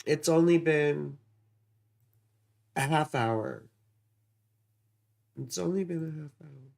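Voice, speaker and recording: Male astrology streamer, gravelly, slightly high voice, meandering and profane. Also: slow pace, darkish tone. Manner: rambling, distracted, swears casually. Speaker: astrology livestream host. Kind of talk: casual livestream astrology reading.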